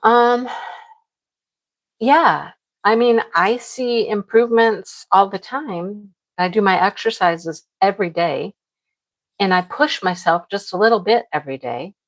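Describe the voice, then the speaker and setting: A woman's voice: medium pitch, a little slow. A middle-aged woman hosting a livestream, chatting casually with viewers and venting frankly, laughing now and then. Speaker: livestream host. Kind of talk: casual chat with live viewers.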